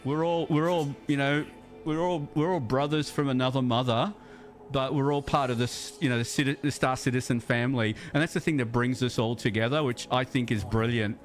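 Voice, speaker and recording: Australian man, game streamer, rambling casual chat, average pitch, faint music behind. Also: fairly even intonation, a little fast. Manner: rambling, chatty, repeats words while thinking aloud. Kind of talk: casual gaming livestream chat.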